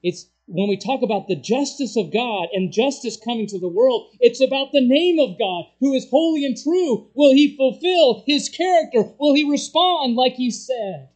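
A preacher delivering a sermon, swinging between loud urgent passages and hushed, low ones. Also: lively intonation, normal speed, few pauses, poor audio.

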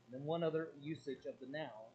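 Middle-aged guy preaching, bit high voiced, goes loud then quiet, dull recording w a low hum. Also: fairly quick. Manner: animated, swings from emphatic to quiet. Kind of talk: sermon with audience interaction. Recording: muffled lo-fi with faint hum.

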